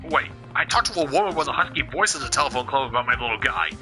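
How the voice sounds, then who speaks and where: A man voicing a stoic, tough male yakuza hero in a video game, speaking low, steady and deadpan. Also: quick pace, faint music behind.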